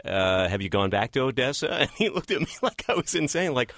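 A man's voice: mid-range voice, sing-song, brisk, fairly bright tone, no echo. Texas-raised male host, mid voice, dry close mic, rambling chatty delivery. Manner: rambling, restarts, chuckles. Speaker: podcast host. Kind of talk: casual interview chat.

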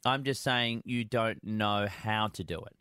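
A man's voice: lowish voice, measured pace, pushed and bright, clear, resonant tone, dry recording, clean studio sound. A man co-hosting a radio show, joking and teasing in casual banter. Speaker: radio co-host.

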